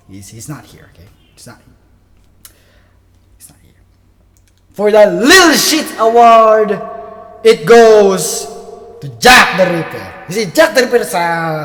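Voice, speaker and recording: High-voiced man hyping mock anime awards. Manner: hyped, theatrical, with sudden shouts and mutters. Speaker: anime reviewer. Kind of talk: mock award-show announcing. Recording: long reverb with music underneath.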